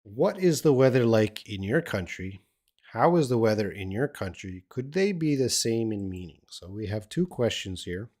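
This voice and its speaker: Older aussie guy doing a live english class, low-ish voice, laid back, lots of uhs. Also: normal speed. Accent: Australian. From Australia. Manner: relaxed, rambling, with frequent fillers and restarts. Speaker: English teacher. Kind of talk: live-stream English lesson answering chat questions.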